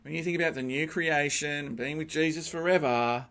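A man preaches a sermon in a church, his voice swinging widely between soft, reflective asides and loud, emphatic peaks. He slows down to stress key words and talks directly to the congregation. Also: a little high. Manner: animated, rising to emphatic peaks with pauses. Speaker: pastor.

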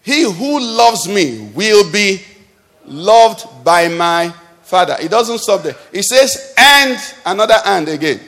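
Male pastor, high voice, call-and-response preaching, live church hall with long echo. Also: expressive, slow pace, fairly bright tone. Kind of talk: sermon.

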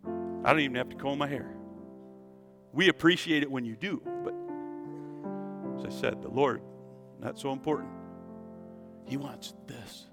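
A pastor preaching a sermon at a church service, animated and calling on the congregation to answer back. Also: male voice, mid-range voice, a little slow, long pauses, music in the background. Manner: animated preacher, leads the congregation in call-and-response.

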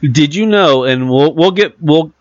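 A man's voice: on the high side, expressive, unhurried, dry recording. Rambling chatty man, dry dull sound. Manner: rambling, self-correcting, acts out quotes. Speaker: podcast co-host. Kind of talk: casual chat.

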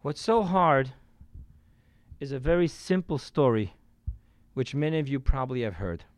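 A man, a rabbi, giving a sermon to a live audience in a room, telling stories and shifting from loud emphasis to quiet asides. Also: mid-range voice, expressive, moderate pace.

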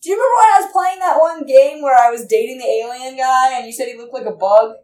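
A woman co-hosting a podcast, chiming in with quick reactions and wry asides in casual chat. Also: sits high, darkish tone. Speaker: podcast co-host. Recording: roomy echo.

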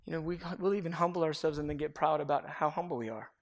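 A middle-aged man preaching a confessional sermon as pastor, earnest and swinging between loud and hushed. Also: on the high side, fast, hardly any pauses. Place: church sanctuary. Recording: echoey hall with long reverb.

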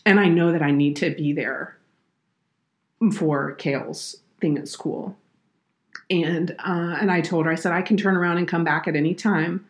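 Low-voiced woman sharing her faith. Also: steady tone, moderate pace. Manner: earnest, heartfelt, tearful at moments. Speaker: podcast guest, children's minister. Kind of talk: faith podcast conversation, personal storytelling.

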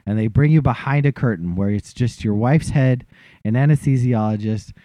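A man's voice: medium pitch, normal speed, warm tone, no echo. A man telling a funny, self-deprecating story in a casual chat and acting out what other people said.

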